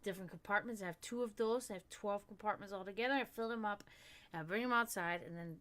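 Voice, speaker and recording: A woman's voice: medium pitch, fast, a bit bright. A woman hosting a livestream, chatting casually and rambling, swearing often and laughing a lot. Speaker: stream host.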